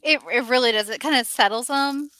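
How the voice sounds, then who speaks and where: A woman's voice: sits high, a little fast, sharp tone, dry recording. A woman from the American South chatting casually on a live show, telling stories with lots of fillers. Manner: chatty storyteller, many fillers. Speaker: co-host. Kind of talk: casual chat.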